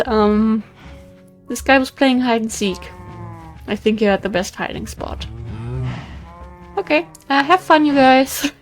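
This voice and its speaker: A woman casually talking through her game as the host of a let's play, chatting to the animals on screen. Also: medium pitch. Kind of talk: casual gameplay commentary.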